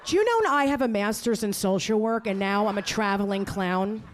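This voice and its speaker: A woman's voice: mid-range voice, animated, moderate pace, slight background noise. A woman comedian doing a stand-up set on a comedy club stage, brash and crude as she teases the crowd into a handheld mic.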